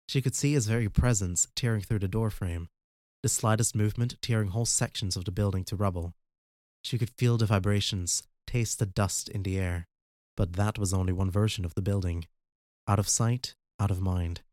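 A man narrating a fan audiobook in a steady, even reading voice. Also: fairly low pitch, dry recording. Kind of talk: scripted narration.

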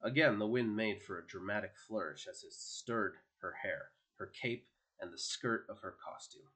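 A man narrating an audiobook in a steady, expressive storytelling manner. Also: on the low side, normal speed.

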